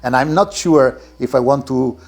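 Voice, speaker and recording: A man with an Italian accent, a car collector giving a tour of his garage and talking in halting English with many restarts. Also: mid-range voice, creaky, a little mellow. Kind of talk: casual interview while walking a car collection. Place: indoor garage.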